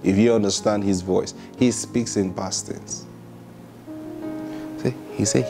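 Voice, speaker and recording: A man's voice: lowish voice, fairly even intonation, slow pace, vocal fry, over loud music. A male pastor preaching a sermon, driving points home with emphatic rhetorical questions and acting out prayers in quoted voices. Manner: acts out prayers and replies in quotes.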